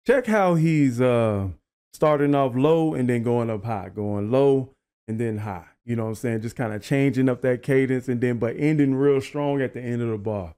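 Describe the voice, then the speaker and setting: A man with a mellow, relaxed voice and an ordinary middle pitch hosts a reaction video. He talks casually, stops to repeat lines and picks apart the rhymes with plain enthusiasm. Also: moderate pace, clear, resonant tone. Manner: breaks down lyrics, repeats lines, animated and impressed.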